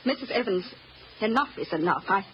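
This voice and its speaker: An actress playing an upset, protective housekeeper mother who talks in an emotional, halting way, in old-time radio drama with a dull, faintly hissy recording. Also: mid-range voice, lively intonation, natural voice. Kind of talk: 1940s radio acting.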